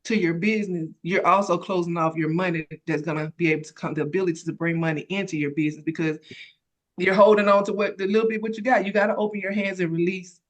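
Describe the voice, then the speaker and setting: A woman telling an emotional personal story about starting her business, animated and close to tears. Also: on the low side, fast. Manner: animated storytelling, acts out others' voices. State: tearful. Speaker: credit repair consultant sharing her story.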